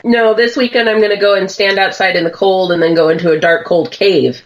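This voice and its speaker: Hoarse woman with a sinus cold. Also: fairly even intonation. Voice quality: lowered, husky sick voice. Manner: laughs often, chatty and quick. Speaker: podcast co-host. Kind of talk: casual chat. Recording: dull lo-fi stream audio.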